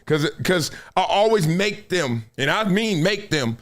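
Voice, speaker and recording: A man hosting a live sports talk stream, lecturing his viewers in a casual, slangy, animated way with laughs between points. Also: high-pitched, measured pace. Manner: animated, preachy, drops into quoted voices. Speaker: sports talk show host. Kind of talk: live-streamed commentary monologue.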